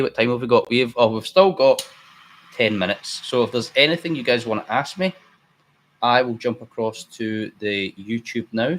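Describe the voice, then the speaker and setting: A man's voice: on the low side, a little hiss or hum. A man hosting a live trading stream, chatty and blunt, thinking aloud as he works. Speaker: trading livestream host. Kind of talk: casual live trading commentary.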